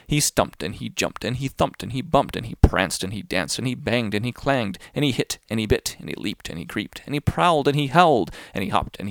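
A man's voice: medium pitch, vocal fry, no room sound, clean studio sound. A man reading a classic children's story aloud, playful and singsong, with asides to the listener. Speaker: narrator.

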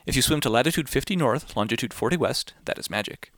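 A man voicing a clever, polite little fish in a storybook reading, speaking in flattering, formal phrases. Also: medium pitch, quick pace, dry recording, studio quality, lightly acted. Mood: instructing. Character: clever small male fish, polite and sly.

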